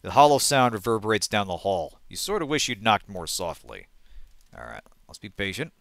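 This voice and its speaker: A man hosting a let's play, reading game text aloud and thinking out loud, often trailing off and correcting himself. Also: lowish voice, sing-song, moderate pace, vocal fry, no echo.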